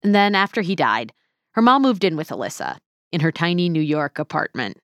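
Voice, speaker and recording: A woman podcast host who narrates a scripted story in a measured way and interviews a guest. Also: low voice, sing-song, fairly bright tone, no room sound.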